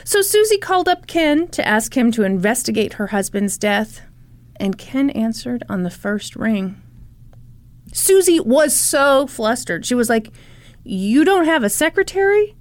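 Woman podcast host, higher voice, giggly casual storyteller. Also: measured pace, no room sound. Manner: giggly, excitable, swears freely. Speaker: podcast host narrating a true crime case.

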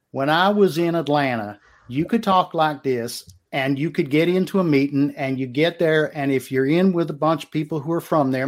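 A man co-hosting a talk show, chatty and teasing in casual conversation. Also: a little high. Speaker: co-host. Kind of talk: casual chat.

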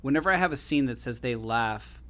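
A man in his thirties co-hosting a podcast, talking casually and playfully, rambling and getting loud and excited when he teases. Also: medium pitch, brisk. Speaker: podcast co-host. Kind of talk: casual chat.

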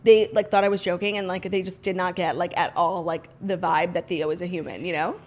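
Fast-talking young woman telling a story. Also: lowish voice, fairly even intonation. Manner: chatty storytelling, heavy use of "like". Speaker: podcast co-host. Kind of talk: casual chat.

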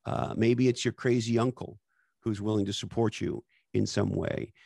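A low-pitched man with a gravelly, creaky voice hosts a podcast conversation. He talks emphatically and bluntly, dropping casual profanity and catchphrases. The sound is dry and close. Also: steady tone, normal speed, darkish tone, dry recording. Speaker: podcast host.

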